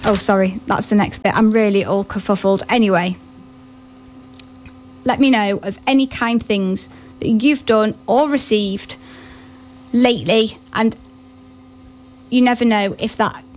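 A woman's voice: medium pitch, a little slow, pauses often. A young woman presenting on the radio, chatting casually and a bit flustered, often laughing at herself. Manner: chatty, giggly, self-deprecating.

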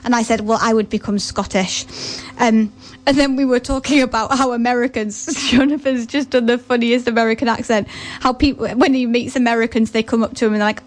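A woman's voice: on the high side, fairly even intonation, normal speed. A young woman presenting on the radio, chatting casually and a bit flustered, often laughing at herself. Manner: chatty, giggly, self-deprecating.

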